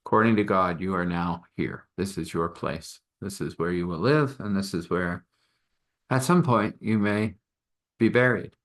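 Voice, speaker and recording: A man's voice: low voice, a little slow. Man voicing a friendly, casual trader, reassuring, storytelling. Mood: kindly. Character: friendly male wandering trader, kindly and casual.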